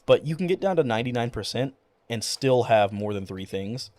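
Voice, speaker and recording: A man's voice: medium pitch, animated, fairly quick, darkish tone, slight background noise. A young man streaming a game, chatting casually in a rambling way, with many fillers and frequent swearing. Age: young adult. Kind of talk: casual chat while gaming.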